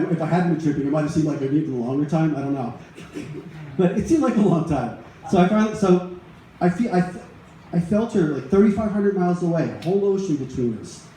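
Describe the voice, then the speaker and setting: A middle-aged man tells a personal story to a live crowd, rambling and conversational, full of restarts and asides. His voice sits a bit high but sounds mellow and warm. The room around him is very echoey, with a faint hum of ambience underneath.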